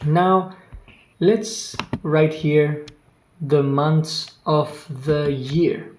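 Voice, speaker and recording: A language teacher talking at a very slow, deliberate pace. Each word comes several times, sounded out with exaggerated care. The voice sits in an echoey room with faint typing clicks behind it. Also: mid-range voice, little pitch movement, darkish tone, slight background noise. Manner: exaggerates pronunciation on purpose. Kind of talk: online language lesson. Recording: roomy echo with faint keyboard clicks.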